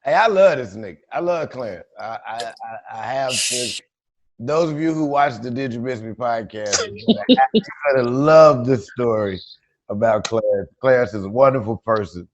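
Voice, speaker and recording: A man hosting a casual comedy chat, joking and excitable, swearing freely. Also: medium pitch, moderate pace, muffled recording. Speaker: show host.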